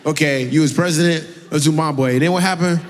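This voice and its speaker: A man's voice: on the high side, brisk, background noise. A man, a comedian, doing stand-up crowd work on stage, teasing an audience member and laughing often. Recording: live hall with faint ambience.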